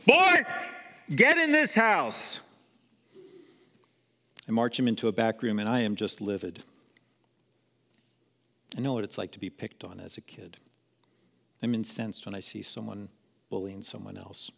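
A middle-aged man speaking at a parenting seminar, telling a candid, self-deprecating personal story in a sermon-like style. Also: mid-range voice. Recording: long hall reverb.

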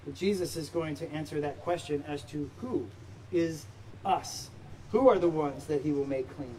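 A man's voice: on the high side, normal speed, warm tone. A man pastor preaching a sermon to his church, emphatic, with rhetorical questions. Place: church sanctuary. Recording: distant mic with faint background noise.

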